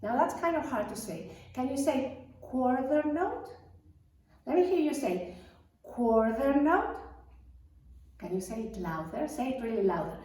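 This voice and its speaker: A woman music teacher guides little children through rhythm with a slow, sing-song delivery. Her high voice swoops lively up and down. The sound is very echoey and comes from a mic placed away from her. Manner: slow, sing-song, encouraging call-and-response. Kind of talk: lesson for young children. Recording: echoey room, mic far off.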